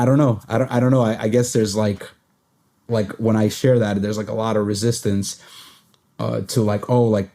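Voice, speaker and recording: A man's voice: fairly low pitch, warm tone. A man hosting a podcast, talking casually and at length, full of "like" fillers and laughing at himself now and then. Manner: rambling, heavy use of "like" fillers, laughs at himself. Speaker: podcast host. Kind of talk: casual conversation.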